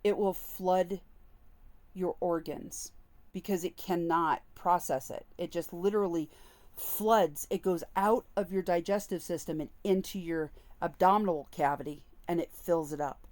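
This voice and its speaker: A woman vlogger with a lowish, darkish voice speaks a little slowly and in a steady tone as she shares a personal story to the camera. She comes across as earnest, candid and openly emotional.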